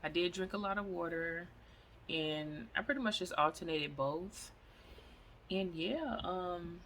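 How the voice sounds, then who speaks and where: A woman's voice: lowish voice, slow, fairly bright tone, a little hiss or hum. A young woman vlogging in a casual, chatty way and telling stories with a lot of drama. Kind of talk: casual vlog chat.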